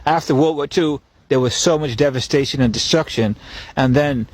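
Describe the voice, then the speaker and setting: A man's voice: medium pitch, moderate pace, darkish tone, no room sound. A man hosting a podcast as a rambling solo monologue. He repeats himself and chuckles between his points. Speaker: podcast host.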